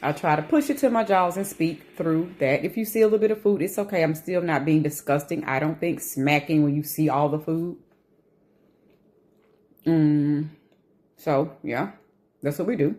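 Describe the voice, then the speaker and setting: A woman chats casually to her camera in a rambling, anxious flow. Her voice sits a little low, and she gets animated as she talks, sometimes with food in her mouth. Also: brisk. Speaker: vlogger. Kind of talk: casual chat.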